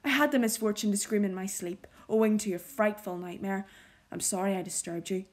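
A woman reading the lines of a nervous, fussy gentleman who is a house guest, speaking in a formal, wordy way. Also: medium pitch, a little fast, lightly acted. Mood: apologetic.

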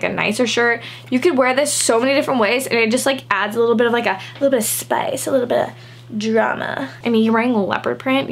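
A bubbly young woman vlogger from Canada talks through her clothing haul. Her voice sits a little high, and her chat rambles along with plenty of "like". It is a casual, friendly flow. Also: a little hiss or hum. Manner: bubbly, chatty, peppered with "like".

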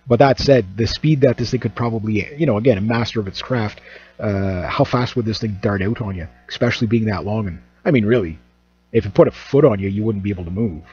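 A Canadian man hosts his own channel with a casual, joking, rambling monologue packed with fillers and restarts. His fairly low, slightly mellow voice moves fast, captured in a dull, lo-fi recording.

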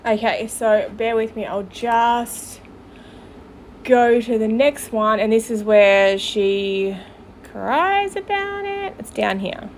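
Slowly and flatly, in a mid-range voice, a woman hosting a podcast reacts bluntly to clips being played, her commentary sarcastic and profane. There is slight background noise.

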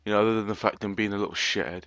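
A man giving casual let's-play commentary, sweary and sarcastic, reacting out loud to what happens in the game. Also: on the low side, fairly even intonation, rapid-fire, clear, resonant tone, no room sound. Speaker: gamer.

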